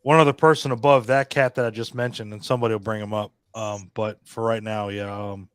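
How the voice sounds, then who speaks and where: A man's voice: fairly low pitch, steady tone, fairly quick, clean tone, dry recording. A man hosting a casual group chat, talking bluntly and swearing freely.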